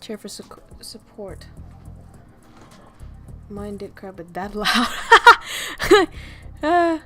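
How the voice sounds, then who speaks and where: A woman VTuber streamer with a soft, soothing voice who chats casually and reflectively, reading viewers' messages aloud and joking with them. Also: mid-range voice, very animated. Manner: slow, reflective, reads chat aloud and jokes. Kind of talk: casual livestream chat. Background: faint lo-fi music.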